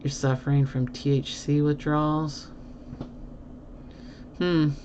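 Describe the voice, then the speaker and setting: A low-pitched woman hosts a casual livestream, answering viewer comments in a rambling, teasing way with plenty of fillers and laughter. The audio is muffled and lo-fi, with a faint hiss underneath. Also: little pitch movement, slow, warm tone. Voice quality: chatty, rambling with many fillers. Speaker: livestream host.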